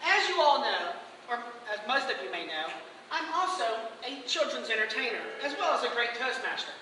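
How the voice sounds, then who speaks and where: A man's voice: very high voice, sing-song, brisk, pushed and bright, a little hiss or hum. A man giving a humorous contest speech, telling a playful story to an audience in a hall, recorded from far off. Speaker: contest speaker.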